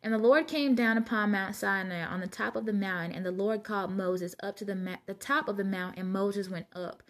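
A Bible study vlogger with a mid-range voice moves briskly, reading scripture aloud before musing on it informally, as if chatting.

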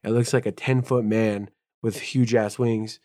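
A man co-hosting a podcast, reading notes aloud and riffing in casual, profane, excitable chat. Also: on the low side, unhurried. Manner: swearing, excitable, ramps up when telling stories. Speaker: podcast co-host.

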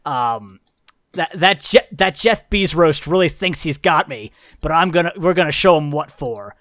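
An exasperated male CEO who rambles through his orders, stumbling and repeating words as he goes, voiced by a man. The voice sits a little high. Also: lively intonation, normal speed, a bit bright, dry recording, clean studio sound.

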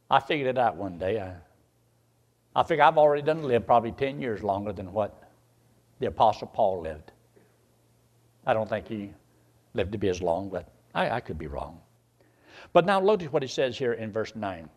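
An older man preaching a sermon. He drops to quiet asides, then climbs into loud, shouted runs. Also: fairly high pitch.

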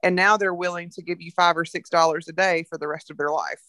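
Animated Southern woman telling stories. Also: on the low side, fast, no room sound, clean studio sound. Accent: Southern American. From American South. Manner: animated storytelling, frank. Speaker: guest, coffee entrepreneur. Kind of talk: casual podcast conversation.

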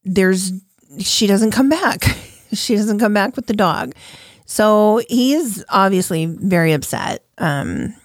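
A woman's voice: medium pitch, lively intonation, slow pace, no echo, studio quality. A woman hosting a casual podcast, retelling odd news stories with swearing, laughter and acted-out quotes. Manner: laughing, profane, acts out quotes. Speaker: podcast host. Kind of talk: casual storytelling chat.

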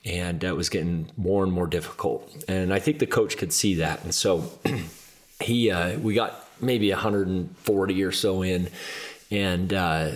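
Man, podcast host, very deep voice, earnest, casual storytelling, filler words. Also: steady tone, unhurried. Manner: earnest, conversational, frequent "like" fillers.

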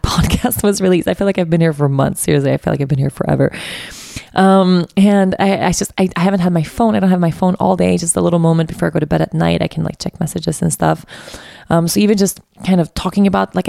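A woman hosting her podcast late at night, exhausted and giggly, rambling with many restarts from a quiet room. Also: lowish voice, vocal fry, dry recording, studio quality. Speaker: podcast host. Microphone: studio mic set up in room.

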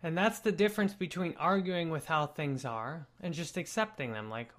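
A young man talking to camera at home in a calm, earnest and gently explanatory way. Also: a little high, moderate pace. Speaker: spiritual vlogger. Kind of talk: reflective talk to camera.

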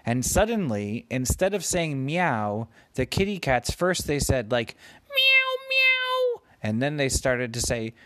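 Man telling an improvised bedtime story, unhurried, lively lilt, dry close mic. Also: mid-range voice, dry recording. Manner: meandering, gently playful.

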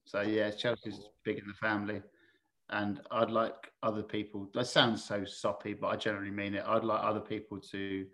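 A low-pitched man tells a personal story as a podcast guest. He talks candidly and casually, swearing freely and often restarting his sentences. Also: level tone, normal speed, a bit bright.

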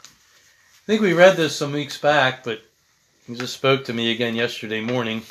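A man's voice: medium pitch, lively intonation, moderate pace, a bit bright. A male pastor who reads a Bible passage aloud and then preaches about it in an earnest, conversational way. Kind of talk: sermon.

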